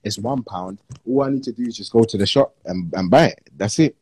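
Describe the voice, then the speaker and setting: A man's voice: fairly low pitch, brisk, darkish tone, husky, rough recording. A man on a phone live stream, intoxicated, boasting and swearing in street slang. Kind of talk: heated live-stream banter.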